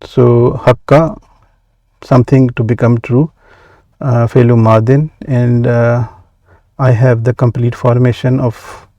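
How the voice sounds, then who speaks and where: Slow-paced man teaching Arabic grammar. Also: medium pitch, little pitch movement, dark tone, no echo, highs cut off. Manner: measured, many "uh" pauses, slow deliberate explanation. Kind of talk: explaining grammar from a workbook.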